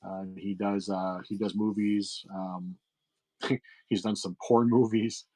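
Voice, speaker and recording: A man's voice: fairly low pitch, level tone, slow, darkish tone, poor audio. A middle-aged man hosting a livestream sale, chatting casually with viewers, rambling with lots of fillers and restarts. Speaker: livestream seller host.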